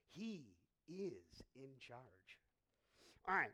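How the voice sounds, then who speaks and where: Gravelly, high-voiced male pastor preaching. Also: normal speed. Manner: animated storytelling, frequent restarts. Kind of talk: sermon. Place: church.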